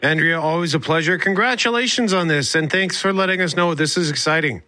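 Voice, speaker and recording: Upbeat guy co-hosting, slightly high bright voice, dry studio. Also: brisk, no room sound. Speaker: co-host. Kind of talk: broadcast interview.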